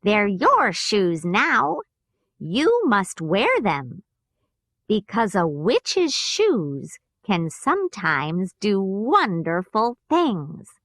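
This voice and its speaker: A woman with an American accent voicing a kind, reassuring good witch in a storybook, speaking slowly and gently. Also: mid-range voice, wildly swooping pitch, dry recording, heavily acted. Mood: gentle.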